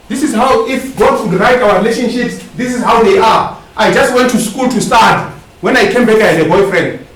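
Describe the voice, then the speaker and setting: A man preaching a sermon. He tags his lines with questioning asides and asks the congregation to finish his sentences. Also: high-pitched. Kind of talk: sermon with call-and-response. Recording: echoey hall, distant mic, faint hiss.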